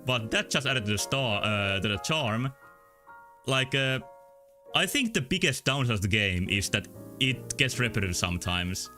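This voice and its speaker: Bright-voiced man reading game text. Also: mid-range voice, animated, moderate pace, faint music behind. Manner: reads text in a plain voice, then jokes and reacts. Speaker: let's play streamer. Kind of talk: reading game dialogue aloud and commenting.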